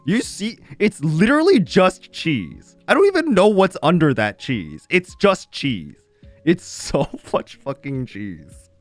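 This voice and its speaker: A man's voice: fairly high pitch, slow pace, faint music behind. A young man streaming, telling a casual story to his chat with lots of laughter and swearing. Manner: animated, laughs often, swears freely.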